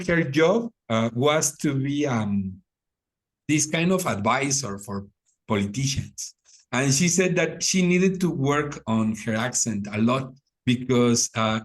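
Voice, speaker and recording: A man leading an English class discussion, speaking English as a with many fillers and restarts. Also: medium pitch. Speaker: English teacher.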